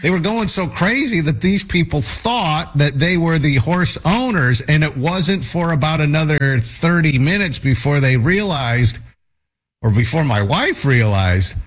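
A man's voice: a little high, animated, unhurried. Man telling a rambling story. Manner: rambling, many fillers and restarts. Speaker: storyteller on a talk show. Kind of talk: casual anecdote.

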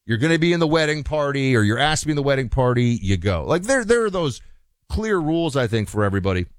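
A male talk radio host rambles through his opinions with plenty of restarts and asides. His voice sits at an ordinary pitch and sounds dry and close to the studio mic. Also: very animated, fast talker, no room sound. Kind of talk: conversational radio monologue.

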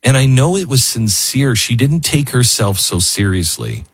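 A man's voice: medium pitch, very animated, moderate pace, breathy edge. A man hosting a talk show, speaking in an earnest, heartfelt, wandering way. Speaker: radio show host. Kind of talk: emotional talk radio monologue.

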